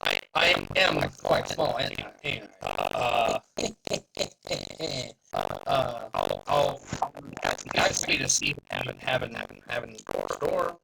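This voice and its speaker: A man voicing a small, pompous, bumbling male adventurer who talks in a halting, mock-formal way. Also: fairly low pitch, huge pitch swings, creaky, sharp tone, slight background noise, exaggerated voice, rough recording. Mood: bluffing.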